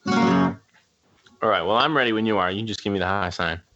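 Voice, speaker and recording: A man's voice: fairly low pitch, normal speed, pushed and bright, no room sound, faint music behind. A man being interviewed as a musician guest, chatting casually and rambling with lots of fillers. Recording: dull lo-fi sound.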